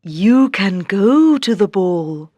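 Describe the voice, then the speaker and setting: A woman voicing a gentle fairy godmother in a calm, reassuring way for a storybook. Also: medium pitch, slow, no echo. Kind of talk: storybook read-aloud.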